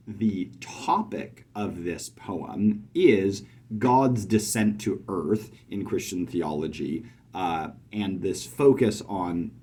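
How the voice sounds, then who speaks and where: Man, poetry teacher, deep husky voice, chats with ums and taps out meter. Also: darkish tone. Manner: thoughtful, many fillers, chants stress patterns. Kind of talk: video lesson.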